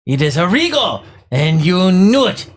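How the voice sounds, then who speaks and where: A woman's voice: lowish voice, sing-song, a little slow, slight background noise. A woman voicing a stern male boss who speaks in cold, clipped, formal lines.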